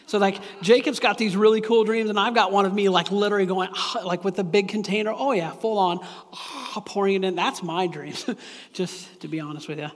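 Male pastor, high-pitched, casual confessional sermon, reverberant hall. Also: steady tone, fairly quick. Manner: casual, confessional, with many restarts and asides. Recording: echoey hall with long reverb.

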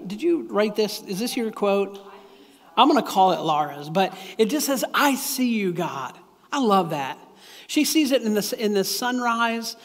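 A man preaching a sermon as a pastor, earnest and animated, often repeating himself. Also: sits high. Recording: long hall reverb.

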